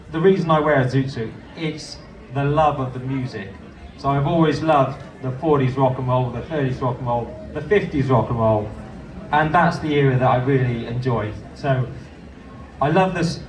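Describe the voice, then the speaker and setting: A man's voice: medium pitch, moderate pace, a little hiss or hum. A man in his sixties, a contestant, talking in a friendly, self-deprecating way. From Great Britain. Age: 60s. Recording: echoey room from far off.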